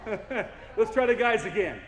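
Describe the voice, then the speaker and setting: Onstage, a young male keynote speaker delivers a motivational talk in a goofy, playful way, swinging his pitch widely and engaging the crowd at a normal speed. His voice is a little high for a man. Heard from out in a large hall, it has long, echoey reverb and heavy background noise.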